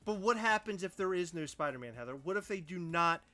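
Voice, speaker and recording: A man's voice: high-pitched, animated, a little fast, sharp tone, soft background music. A young man co-hosting a casual podcast chat, ranting with mock outrage. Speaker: podcast co-host.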